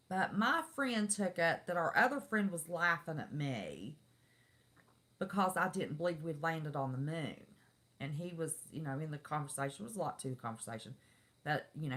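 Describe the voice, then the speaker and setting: A middle-aged woman, hosting a casual live stream. She talks to her viewers in a chatty, folksy way. Her voice sits slightly low. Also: a bit bright. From West Virginia. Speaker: livestream host.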